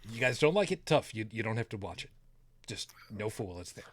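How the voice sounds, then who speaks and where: A man hosting a podcast in casual chat, blunt and quick to swear. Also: lowish voice, very animated, no echo. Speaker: podcast host.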